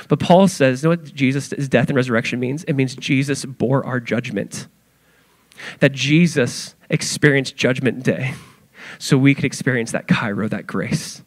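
A male pastor preaching an animated sermon to his church, acting out quoted voices as he goes. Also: mid-range voice, moderate pace, dry recording.

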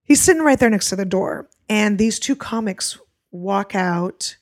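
A woman's voice: mid-range voice, a little slow. A woman comedian co-hosting a casual podcast, telling stories and acting out people's voices. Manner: animated storyteller, acts out voices. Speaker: comedian co-host.

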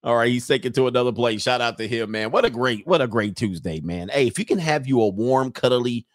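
A man hosting a casual live commentary stream, loud and joking, with slangy asides and drawn-out exclamations. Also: medium pitch, no room sound, clean studio sound. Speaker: livestream commentary host.

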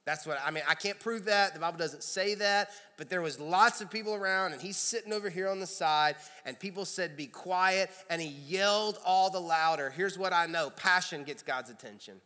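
A pastor with a Kentucky accent preaching a sermon in a conversational way, with loud emphatic bursts. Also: male voice, high voice, a little fast, hardly any pauses. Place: large church sanctuary. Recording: long hall reverb.

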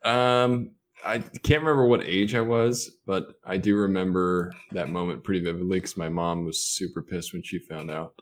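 A man co-hosting a podcast, telling a childhood story in a relaxed way with laughs. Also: deep voice, moderate pace. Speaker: podcast co-host. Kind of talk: casual chat.

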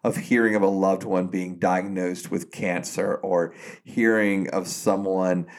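A man's voice: low voice, fairly even intonation, a little slow. A man who is a pastor and podcast co-host, talking earnestly and reflectively in casual podcast chat, often restarting his sentences.

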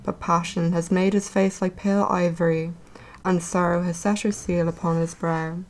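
A woman voicing an earnest, romantic female nightingale in a storybook tale, speaking slowly and with feeling. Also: lowish voice, little pitch movement, natural voice, rough recording. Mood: rapturous. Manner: slow, heartfelt storybook recitation.

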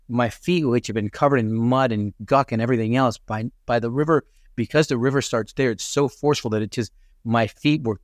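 A man's voice: mid-range voice, no echo, studio quality. A man being interviewed, earnestly recounting a personal experience with many restarts and fillers. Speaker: podcast guest. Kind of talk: conversational storytelling.

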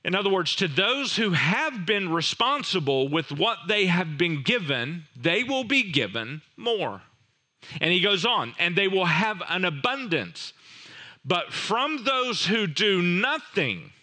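A man's voice: a little high, bright, forceful tone. A man preaching a sermon, retelling a parable dramatically with rhetorical questions and voiced characters. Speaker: pastor.

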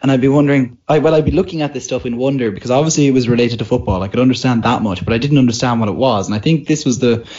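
A man in his twenties with a neutral Irish accent, a podcast guest chatting in a relaxed, easygoing way. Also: medium pitch, rapid-fire, hardly any pauses. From Ireland. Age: 20s. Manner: relaxed, chatty, laughs easily. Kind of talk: casual chat. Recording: dull lo-fi call audio.

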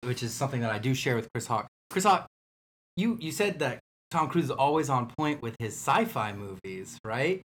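A man co-hosting a casual movie podcast, animated and stumbling over his words at times. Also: mid-range voice, normal speed, breathy edge. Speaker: podcast co-host.

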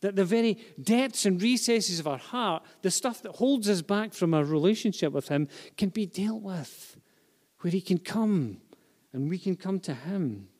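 A man preaches in a church hall, his voice sitting a little high for a man. He moves from soft, intimate phrases to loud, insistent repetition. A long reverb from the large room trails after each line. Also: expressive, unhurried. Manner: impassioned, builds from hushed to loud with repeated emphasis. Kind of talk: sermon. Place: church hall with a live and online congregation.

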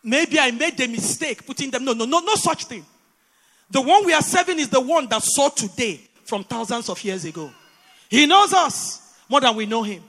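A Nigerian woman delivers a sermon with a bright, forceful tone and a lively, swinging pitch. She keeps pressing the congregation with rhetorical questions. Her voice rings through a long church-hall reverb. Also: normal speed. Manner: animated, with repeated rhetorical questions. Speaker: preacher.

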